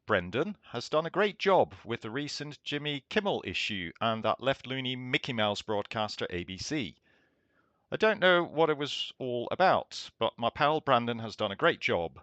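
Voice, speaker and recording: A man's voice: mid-range voice, fairly bright tone, no echo, natural voice. A man doing a satirical impression of a boastful, blustering president who praises himself over and over in simple words. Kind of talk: satirical letter read in character. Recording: dull lo-fi dry recording.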